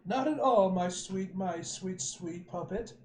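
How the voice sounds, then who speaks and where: A man's voice: high-pitched, darkish tone. A man putting on a haughty, menacing matriarch. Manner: haughty, drawn-out threats with halting reading slips. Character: imperious older woman scientist, cold and menacing.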